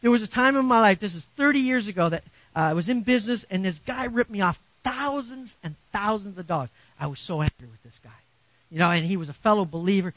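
Animated high-voiced male preacher. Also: quick pace, muffled recording. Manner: animated, swings from quiet to loud emphasis. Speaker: pastor. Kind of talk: sermon.

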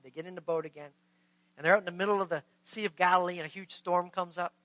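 Bright-voiced preacher asking rhetorical questions. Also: mid-range voice, a little fast, pauses often, no echo, low-quality recording. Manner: conversational, rhetorical questions to the congregation; acts out scripture dialogue in lively voices. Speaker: pastor. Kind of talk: sermon.

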